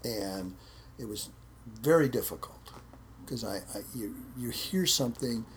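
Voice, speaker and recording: A man's voice: medium pitch, expressive, measured pace, slight background noise. A man, a martial arts instructor, telling stories in a casual interview, repeating words and acting out quotes. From United States.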